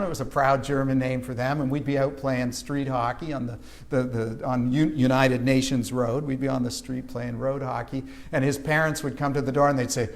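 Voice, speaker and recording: A man from Canada preaching a sermon, telling a childhood story and acting out the voices of people in it. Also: mid-range voice. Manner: storytelling, animated with acted-out quotes. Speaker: pastor. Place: church sanctuary.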